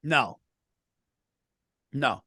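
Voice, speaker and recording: A man's voice: very slow, bright, forceful tone, no room sound, clean studio sound. A man co-hosting a comedy podcast, telling rambling anecdotes and saying "dude" constantly. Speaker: podcast co-host. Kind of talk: casual comedic chat.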